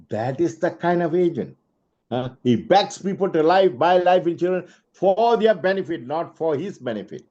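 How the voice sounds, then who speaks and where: A man with a fairly high voice delivers a motivational sales talk as a story. He keeps throwing in rhetorical checks on his listeners. The recording sounds dull and lo-fi. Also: expressive, moderate pace, a little mellow. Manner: tells stories with asides and rhetorical "huh?" checks. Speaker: sales trainer.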